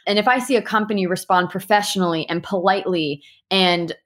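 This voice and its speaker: A woman answering interview questions, telling animated stories with quick asides and restarts. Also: medium pitch. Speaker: guest who handles reviews for partner animal hospitals.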